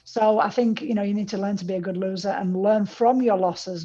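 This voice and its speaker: A Scottish woman speaks as a guest commentator, thoughtful and encouraging. Her voice is warm and husky, and it comes through dull, muffled remote audio. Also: medium pitch, steady tone, brisk, faint music behind. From Scotland.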